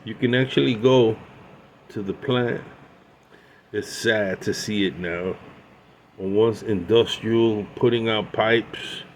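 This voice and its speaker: A man's voice: on the low side, fairly even intonation, slow pace, pauses often, slight background noise, rough recording. A man in his sixties chatting casually as he shows off his pipes, rambling with many asides and restarts. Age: 60s. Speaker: pipe collector showing his pipes. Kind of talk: casual show-and-tell chat.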